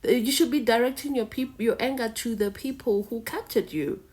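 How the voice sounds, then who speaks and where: A woman's voice: on the high side, fairly quick, a little mellow. A woman from Africa giving indignant, lecturing reaction commentary. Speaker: reaction video host.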